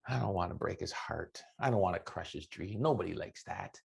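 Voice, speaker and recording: A middle-aged man giving an animated motivational keynote, telling stories and acting out the dialogue. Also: sits low, fairly quick, vocal fry, husky. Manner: animated, acts out dialogue with voices. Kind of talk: motivational storytelling speech.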